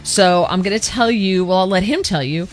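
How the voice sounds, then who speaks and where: A woman's voice: mid-range voice, moderate pace, soft background music. A middle-aged woman hosting political commentary, chatty and sarcastic, reading quotes aloud and reacting to them. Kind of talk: opinionated commentary.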